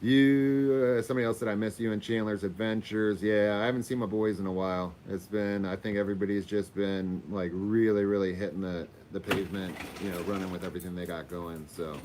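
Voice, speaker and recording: A man from Florida signs off a casual livestream, chatting loosely with viewers and his dog and swearing now and then. His voice is fairly low and darkish with a steady tone, fairly quick with hardly any pauses, and there's slight background noise.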